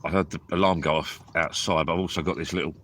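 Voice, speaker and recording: A man's voice: deep voice, steady tone, fast, fairly bright tone. A tired man, chatting rambly and drowsily on a live stream from inside a small tent at a lake at night. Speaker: fishing vlogger. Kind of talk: casual live-stream chat.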